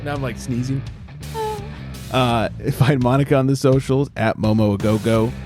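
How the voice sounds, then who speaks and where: A man's voice: medium pitch, moderate pace, over music. A man hosting a beer podcast in casual chat, joking and laughing a lot. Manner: jokey, laughs often, animated. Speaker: podcast host.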